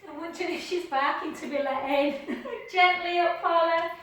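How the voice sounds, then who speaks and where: Woman, pilates instructor, high voice, echoey room, distant mic. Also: steady tone, a little hiss or hum. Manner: slow, gentle cueing with counting, chatty asides. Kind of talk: live online class instruction. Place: home room with dog nearby.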